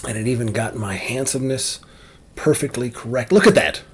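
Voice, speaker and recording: A man's voice: medium pitch, fairly quick, a little hiss or hum. A man ranting casually and bluntly to camera, opinionated and rambling, with frequent restarts. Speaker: vlogger.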